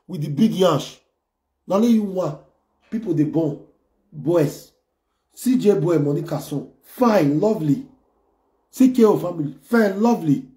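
Mocking Nigerian man ranting in an echoey room. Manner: insulting, mocking, switches between loud jeers and low muttering. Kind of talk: ranting online commentary.

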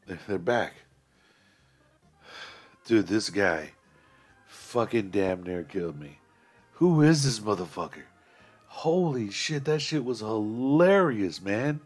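A man's voice: fairly low pitch, lively intonation, slow, long pauses, breathy edge, soft background music. A man with a Texan accent hosting a reaction video, swearing freely and laughing often in casual commentary. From Texas.

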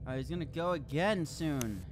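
A man hosting a let's play video, excitable and swearing constantly, shouting when panicked. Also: on the high side, normal speed. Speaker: gaming video host. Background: horror game music and sounds.

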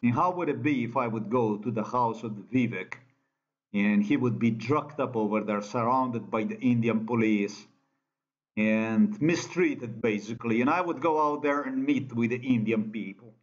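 A man's voice: mid-range voice, normal speed. Ranting Slovenian-accented man, lo-fi. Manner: ranting, profane, repetitive non-native phrasing. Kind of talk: angry monologue. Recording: dull lo-fi sound.

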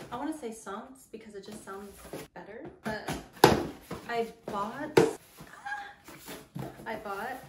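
A young woman who is an actor, gushing in a casual vlog from her messy bedroom. She talks excitedly and leans on "like" a lot. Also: medium pitch. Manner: gushing, excitable, heavy use of "like". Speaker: actor and vlogger. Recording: echoey room, mic at a distance, background noise.

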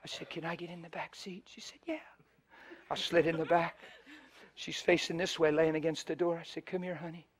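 A middle-aged man preaching a sermon, telling stories with loud emphasis and soft hushed passages. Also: fairly high pitch, normal speed, husky. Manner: animated, shifts between loud emphasis and soft hushed storytelling. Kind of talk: sermon with storytelling.

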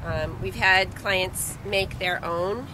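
A middle-aged woman, a retriever trainer, explaining a training step calmly with frequent ums. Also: mid-range voice, slow. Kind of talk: instructional demonstration. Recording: outdoor recording with clear background noise.

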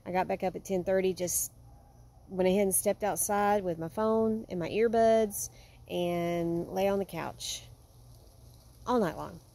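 Earnest woman with a mellow voice. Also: medium pitch, measured pace. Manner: earnest and heartfelt, drifting soft. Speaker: vlogger. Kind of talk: casual vlog monologue. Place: home with a yard.

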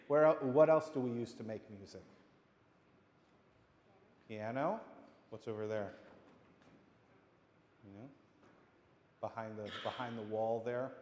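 A man's voice: medium pitch, darkish tone, slight background noise. A man, a pastor, giving a playful children's message in a church sanctuary, speaking simply and encouragingly. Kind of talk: children's message during worship. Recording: echoey hall with long reverb.

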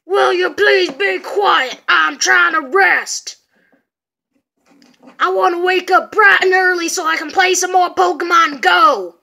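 A woman voicing a grumpy, sleepy neighbor who shouts slowly for quiet in a homemade plush toy skit. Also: high voice, exaggerated voice.

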